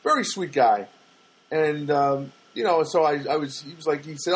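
Husky older man rambling through anecdotes. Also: fairly high pitch, normal speed. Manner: rambling, self-correcting anecdotes with wry asides. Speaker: podcast host. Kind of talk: casual monologue podcast.

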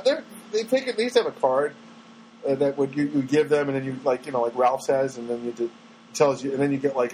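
A middle-aged man talks through his solo podcast in a loose, rambling, self-mocking way. His voice sits high for a man and swoops up and down with animated pitch. A faint hum of noise lies under the recording. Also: low-quality recording. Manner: rambling, self-mocking, breaks into sung snatches. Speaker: podcast host.

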